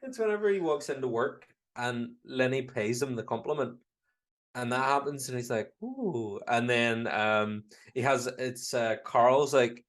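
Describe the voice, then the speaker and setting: A man's voice: medium pitch, moderate pace. A Northern Irish man co-hosting a podcast in casual chat, animatedly retelling scenes, dipping into character voices and laughing often. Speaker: podcast co-host.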